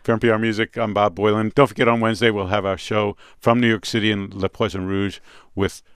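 A man's voice: fairly low pitch, little pitch movement, fast talker, smooth, no room sound, clean studio sound. A man co-hosting a music radio show, chatting in a playful, bantering way. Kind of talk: casual radio chat. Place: radio studio.

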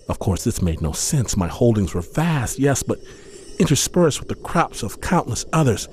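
A man narrating a story in the first person, grave and measured in his delivery. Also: fairly low pitch, sing-song, a little mellow, a little hiss or hum.

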